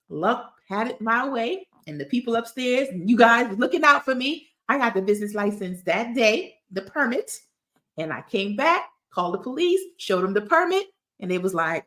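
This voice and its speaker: A tax resolution expert speaks casually straight to camera, offering advice in a voice on the high side with a fairly bright tone. She's chatty and emphatic, telling stories loaded with asides.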